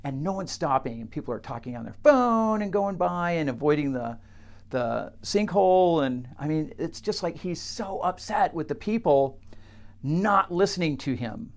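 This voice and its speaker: A man who works with clients, telling a teaching story straight to camera in a halting way, with many fillers and restarts. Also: a little high, animated, creaky. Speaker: coach working with clients.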